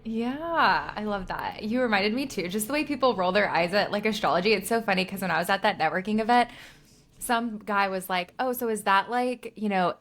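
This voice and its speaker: A young adult woman co-hosting a podcast in casual chat, talking in a relaxed way with many fillers and laughing at her own stories. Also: medium pitch, a little fast. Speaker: podcast co-host.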